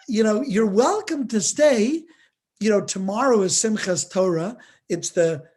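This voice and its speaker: A rabbi with a high-sitting, slightly rough voice tells stories during a live-streamed art lesson. He is a lively storyteller, acting out the quoted dialogue over a video-call microphone.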